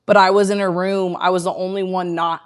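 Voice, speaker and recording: A woman's voice: on the low side, little pitch movement, fairly quick, clean tone. A woman guest telling a heartfelt personal story in casual conversation, earnest and rambling with lots of fillers. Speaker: guest, tea room owner.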